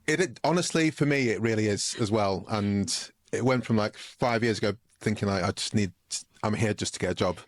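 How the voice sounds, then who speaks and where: A man hosting a podcast, relaxed and casual, with lots of fillers and easy laughs. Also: on the low side, a little fast, dry recording, studio quality. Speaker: podcast host. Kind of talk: casual conversational interview.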